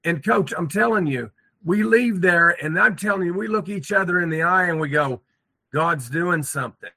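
A man's voice: high voice, lively intonation, moderate pace, creaky, sharp tone, no echo. A man talking earnestly as a guest on a talk show, often repeating words. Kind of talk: casual chat.

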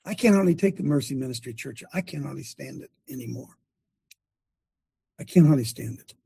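A man preaching passionately to his congregation as host of the show, ranting with his voice leaping high when fired up. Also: animated, brisk, vocal fry, warm tone, slightly rough, dry recording.

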